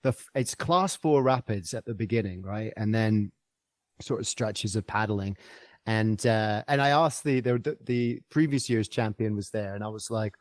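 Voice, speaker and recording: A man's voice: lowish voice, normal speed, no echo. Chatty man telling an adventure story. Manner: enthusiastic, rambling with many fillers and restarts. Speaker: guest travel writer. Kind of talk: casual storytelling in a podcast interview.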